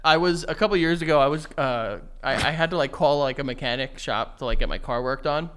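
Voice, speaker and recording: A man's voice: medium pitch, fairly quick, a bit bright, clean tone. A young man co-hosting a podcast, telling rambling stories in casual chat, swearing and laughing easily. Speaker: podcast co-host.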